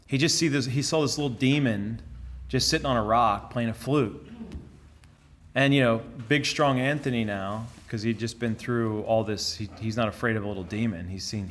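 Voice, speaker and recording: A friar gives a conversational conference talk to a lay audience. This man tells stories earnestly, repeating words and restarting sentences as he thinks aloud. His voice sits at an ordinary male pitch. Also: a bit bright. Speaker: friar giving a conference to laypeople. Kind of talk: conversational sermon.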